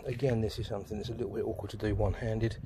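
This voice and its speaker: A man's voice: lowish voice, flat delivery, racing, very noisy. A man giving a casual how-to talk while fitting a phone mount, with lots of ums and fillers. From United Kingdom. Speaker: vlogger demonstrating an install. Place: outdoors by a motorbike.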